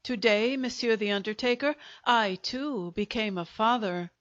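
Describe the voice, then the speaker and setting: Lady putting on a hot-tempered little french apothecary guy, shouty and indignant, slow, dull audiobook sound. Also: fairly high pitch, close to an everyday voice. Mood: triumphant. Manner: ranting, indignant. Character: furious small male French apothecary.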